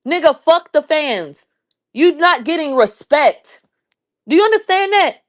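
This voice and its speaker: A woman commentator reading a news article aloud on her channel, cursing and mocking it between lines in a loud, sarcastic manner. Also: high voice, big pitch swings, a little slow. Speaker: commentary YouTuber.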